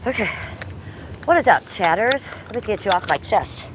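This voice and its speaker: Outdoors by an old church, a woman with a Cleveland accent chats on a casual livestream, a little breathless from biking and reading chat comments aloud. Her medium-pitched voice is very animated at a moderate pace, captured by a chest-harness phone amid background noise.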